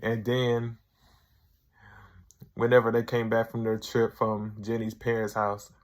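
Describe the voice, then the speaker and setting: A man's voice: fairly low pitch, monotone, measured pace. A man reviewing a sketch show episode for his video channel, retelling it loosely with lots of "like" and "he's like".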